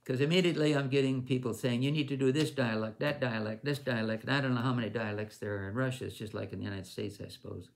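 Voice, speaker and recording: An older man with a gravelly, creaky voice recounts a ministry story at a conference. He rambles and restarts his sentences, and his pitch sits in the middle range. His delivery is informal and conversational. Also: fairly even intonation, fast talker, few pauses. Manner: rambling with restarts, acts out others' lines in raised voice.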